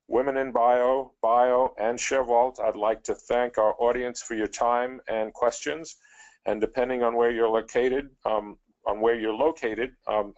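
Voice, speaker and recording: Guy wrapping up a webinar, monotone, lots of ums, muffled lo-fi sound. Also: medium pitch. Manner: polite, with frequent "um" fillers. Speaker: moderator. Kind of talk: closing remarks of a webinar. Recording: dull lo-fi web call audio.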